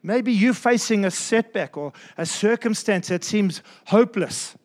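A man with a high-pitched voice gives a sermon as pastor, speaking with emphasis, repeating key lines, and easing his pace to underline his points.

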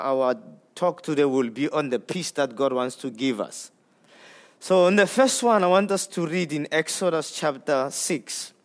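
High-voiced, slow-talking male preacher. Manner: conversational preaching, rising to emphatic peaks and dropping to hushed low lines; repeats words while gathering thoughts. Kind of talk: sermon.

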